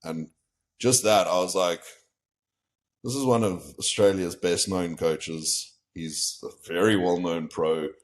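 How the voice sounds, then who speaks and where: A man's voice: deep voice, slow pace. A young man from South Africa, a podcast guest, telling a candid story and acting out what people said to him. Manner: candid, retells conversations in quoted voices. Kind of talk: casual storytelling.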